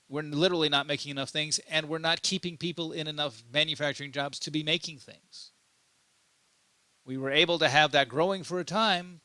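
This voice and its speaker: On his own political commentary show, a man speaks off the cuff in a slightly high, sharp-toned voice with no echo. His unscripted monologue is emphatic, and he frequently repeats and restarts his words.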